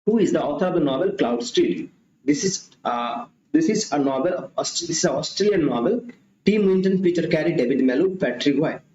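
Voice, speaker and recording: Male tutor, fairly high voice, quick exam-prep delivery peppered with "okay", roomy recording with faint hiss. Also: darkish tone. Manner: mixes Hindi into English, frequent "okay" and self-corrections. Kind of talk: mock test lesson. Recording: echoey room, dull lo-fi sound, faint hiss.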